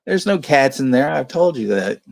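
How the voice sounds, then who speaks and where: A man's voice: mid-range voice, animated, normal speed, creaky, no echo. A man co-hosting a movie watch party, swearing freely, laughing often and telling rambling anecdotes. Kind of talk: casual chat.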